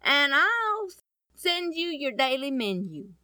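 A woman's voice: sits high, sing-song, slow pace, pushed and bright, no room sound, full character voice. A woman voicing God as a kindly, commanding male figure giving reassuring instructions in a told story.

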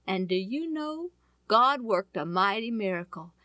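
Folksy animated woman storyteller. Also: medium pitch, measured pace, no echo. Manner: folksy, animated, asks listeners questions. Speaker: Bible storyteller. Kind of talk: storytelling to an audience.

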